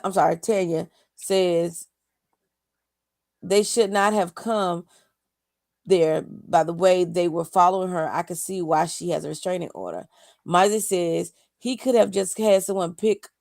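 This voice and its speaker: Gravelly woman reading out live chat. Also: lowish voice, fairly even intonation, slow pace, pauses often, a little mellow, no room sound. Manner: dry, sassy asides. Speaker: co-host reading viewer comments.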